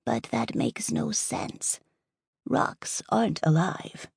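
A woman voicing an older, sharp and exasperated fairy godmother in an audiobook, with a gravelly, breathy voice and slow, swooping exclamations. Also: low-pitched, sing-song, dry recording, clean studio sound, full character voice. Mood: indignant. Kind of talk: audiobook character voice.

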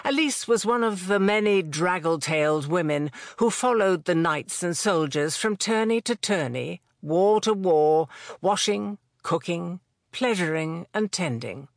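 Audiobook narrator, mid-pitched voice, measured delivery, dry close recording. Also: lively intonation, no room sound. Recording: dry close studio sound.

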